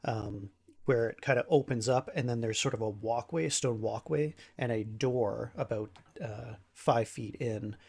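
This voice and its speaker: A man's voice: mid-range voice, gravelly. A man narrating as game master for a tabletop game, easygoing with frequent ums and uhs. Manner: relaxed, many ums and uhs, laughs easily.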